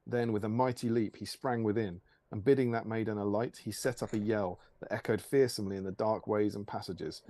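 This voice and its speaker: A man hosting a stream, reading an archaic fantasy tale aloud in a measured storytelling manner. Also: on the low side, steady tone, a little mellow, no echo. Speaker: stream host.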